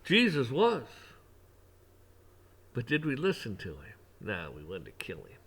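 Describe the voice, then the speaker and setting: A man's voice: mid-range voice, wildly swooping pitch, unhurried, a bit bright, husky. Brief: male vlogger, preachy rambling rant, ordinary mid-range voice.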